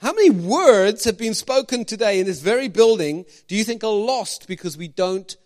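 A man preaching a sermon as pastor, animated, firing questions at the congregation with jokey asides. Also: sits high, normal speed.

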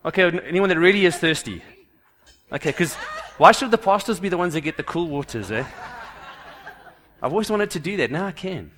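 Male pastor, sermon in church, slightly higher voice, lively and jokey delivery. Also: moderate pace, pauses often.

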